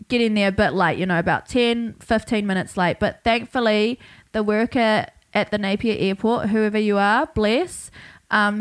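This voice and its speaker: Young woman, New Zealand accent, podcast host, chatty storytelling, sweary, laughs a lot, mid-range voice. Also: mid-range voice. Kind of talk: casual storytelling monologue.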